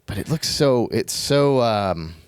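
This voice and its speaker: A man in casual podcast conversation whose pitch swings freely as he talks. He laughs easily and wanders through his thoughts with restarts and fillers, recorded close and dry. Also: expressive, takes it slowly, clean tone, no echo. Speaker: podcast co-host. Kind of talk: casual chat.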